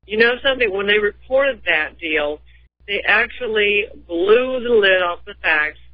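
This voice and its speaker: A male caller with a high voice who tells his story in an animated, rambling way. The sound is dry and close, with a dull, narrow tone. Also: unhurried, no echo. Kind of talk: call-in radio talk.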